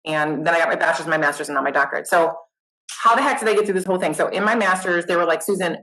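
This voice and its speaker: Bright lively woman telling her story. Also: lowish voice, rapid-fire, poor audio. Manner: animated, self-deprecating, swears casually. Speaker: nurse educator guest. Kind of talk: casual interview chat.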